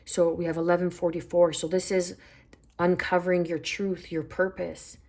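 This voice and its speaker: Low-voiced woman giving a tarot reading. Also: level tone, moderate pace, a little mellow. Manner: soothing, reflective, repeats phrases, pulls cards aloud. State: hiccuping. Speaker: tarot reader.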